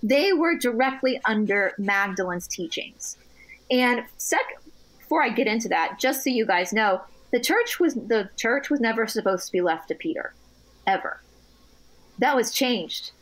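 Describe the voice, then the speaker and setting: Animated woman with a high voice. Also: a little slow. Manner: animated, laughs often, restarts sentences. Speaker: guest. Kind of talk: casual chat.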